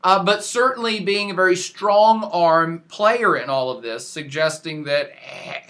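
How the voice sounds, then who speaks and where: Pitched high and speaking at a measured pace, a man lectures informally on world affairs for a podcast in a professor's role. The delivery is lively and slangy, emphatic, with frequent sentence restarts.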